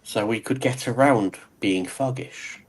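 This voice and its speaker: A man's voice: medium pitch, measured pace, a little hiss or hum, low-quality recording. A British man in casual conversation on a live stream, with dry, wry humor. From Britain. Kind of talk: casual chat.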